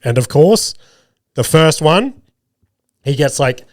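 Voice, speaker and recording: A man's voice: on the high side, expressive, takes it slowly, no echo, studio quality. A man in his thirties with an Australian accent, hosting a podcast while sick, telling stories in a sweary, self-deprecating way. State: sick, voice rough. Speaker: podcast host. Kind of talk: casual storytelling monologue.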